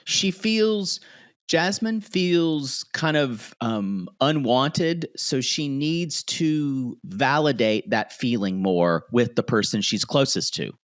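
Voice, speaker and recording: Animated male podcast co-host. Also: slow. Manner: animated, opinionated, acts out cast members in high squealing voices. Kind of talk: casual reality TV recap chat.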